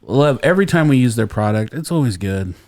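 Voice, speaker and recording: A man's voice: medium pitch, animated, a little fast, darkish tone. A man hosting a comedy podcast, telling rambling stories and laughing often. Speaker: podcast host. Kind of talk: casual comedic chat.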